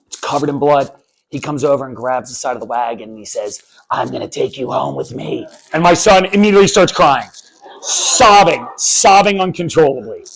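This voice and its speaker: A man in his thirties performs a live story on stage, wry and animated. His voice sits a little high for a man, and he tells the tale with comic timing. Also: rough recording. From United States. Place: on stage before an audience.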